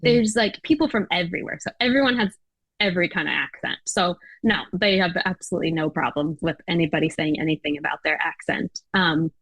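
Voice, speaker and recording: A woman from the United States with an American accent speaks briskly as a podcast guest in a casual interview chat, dropping in fillers and light laughs. Her voice is fairly low and a bit bright. The audio has no echo but is poor quality.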